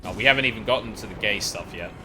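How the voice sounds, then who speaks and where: A man streaming a video game with casual, excitable commentary and plenty of swearing. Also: fairly low pitch, rapid-fire, background noise.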